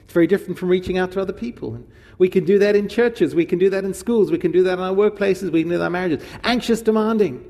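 A man's voice: high-pitched, quick pace, vocal fry, hardly any pauses, mellow. A man preaching a sermon in a casual, conversational way. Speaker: pastor. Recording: long hall reverb.

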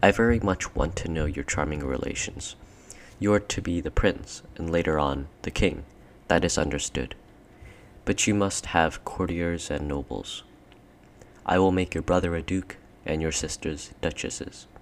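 Reading an audiobook, a man voices a cold, tall, regal queen, sweet-talking and commanding in a coaxing, persuasive mood. His voice sits low and unhurried, with slight background noise.

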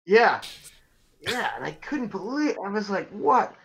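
A man telling stories in a casual chat, rambling and animated with lots of fillers. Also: sits high, unhurried, vocal fry, a little hiss or hum. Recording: dull lo-fi sound.

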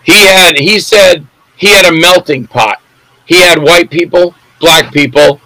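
A man with a fairly high, bright and forceful voice, talking as a film director on a guest spot. He tells his stories loosely and rambles, often stumbling as he hunts for names. The sound is close and dry. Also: a little slow, no room sound, rough recording. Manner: rambling, loses names mid-sentence. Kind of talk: casual rambling storytelling.

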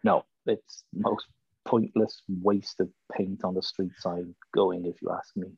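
Welsh man with a low voice. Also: little pitch movement, a little slow, creaky, darkish tone, husky, dry recording, muffled recording. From Wales. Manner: laid-back storyteller who swears freely. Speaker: podcast guest, former hockey player. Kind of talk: casual chat.

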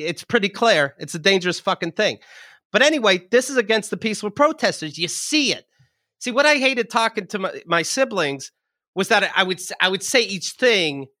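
High-voiced man ranting on a podcast. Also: sharp tone, no room sound, studio quality. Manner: heated, profane ranting. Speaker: podcast co-host. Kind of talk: casual podcast chat.

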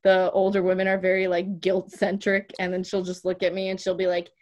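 A young adult woman, a fighter and guest on a podcast, telling stories in a lively, dramatic way. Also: medium pitch, fairly quick. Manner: animated, dramatic storytelling. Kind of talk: casual interview chat.

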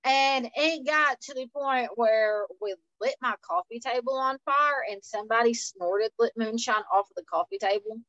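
A woman, a guest telling wild party stories in a loose, animated way. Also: on the high side, normal speed, hardly any pauses, dry recording, muffled recording. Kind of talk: casual storytelling chat.

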